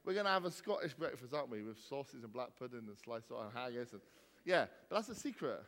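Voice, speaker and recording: This male vicar, leading a church gathering, trades teasing banter with his congregation in an echoey church hall. He talks fast and very animatedly at a medium pitch with a fairly bright tone, tossing jokey, bouncy questions to the crowd.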